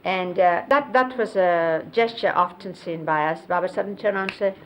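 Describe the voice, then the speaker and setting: A woman recalling memories in an unhurried storytelling way, explaining and demonstrating hand gestures as she goes. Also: lowish voice, lo-fi sound, slight background noise. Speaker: close companion recounting memories of a spiritual teacher. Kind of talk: reminiscing storytelling. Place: 1970s videotaped sit-down interview.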